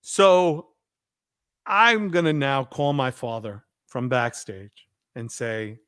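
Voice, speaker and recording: A man hosting a podcast, telling a story in an animated way and acting out the people he quotes. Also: mid-range voice, slow pace, clear, resonant tone, dry recording, studio quality. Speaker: podcast host. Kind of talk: casual storytelling chat.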